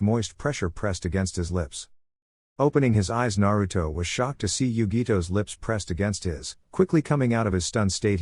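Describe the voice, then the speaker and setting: A man narrating a fan-fiction story in a steady, even reading voice. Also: on the low side, dry recording.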